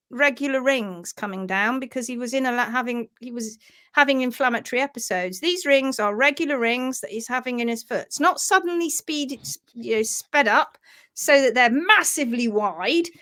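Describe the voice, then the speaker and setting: A woman teaching hoof care on a live stream, animated and chatty. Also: high-pitched. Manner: animated, acts out little voices for hoof parts.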